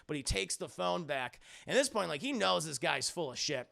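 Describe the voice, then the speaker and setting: A man's voice: fairly high pitch, expressive, a little fast, vocal fry, sharp tone. A man streaming a live film recap, rambling and profane, often talking to his chat.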